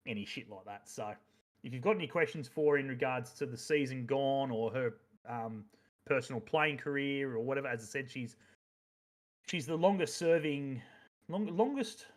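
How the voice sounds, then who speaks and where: A man's voice: medium pitch, normal speed. A man hosting a podcast in casual, rambling chat, swearing freely and using many fillers. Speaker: podcast host.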